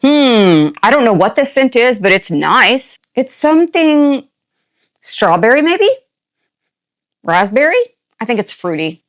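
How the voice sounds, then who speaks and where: An older woman hosting a casual unboxing, chatty and playful with quick asides and a jokey put-on country twang. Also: a little high, very animated. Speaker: unboxing channel host. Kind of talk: casual product unboxing chat.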